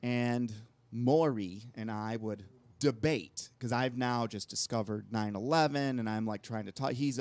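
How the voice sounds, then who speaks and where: A man's voice: mid-range voice, a little slow, hardly any pauses, darkish tone, no echo. A man co-hosting a talk show, telling long rambling anecdotes in casual conversation. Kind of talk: casual storytelling chat.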